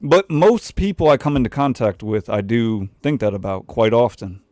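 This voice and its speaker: A man hosting a casual livestream chat, loose and joking, talking in quick bursts. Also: mid-range voice, a little mellow, no echo. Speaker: livestream host.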